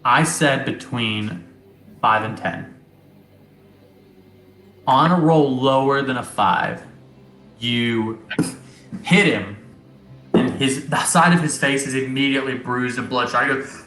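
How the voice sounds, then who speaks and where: A man's voice: mid-range voice, slow pace, long pauses, pushed and bright, echoey room. A man acting as game master, talking loosely and chattily and laughing easily. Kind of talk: running a tabletop game.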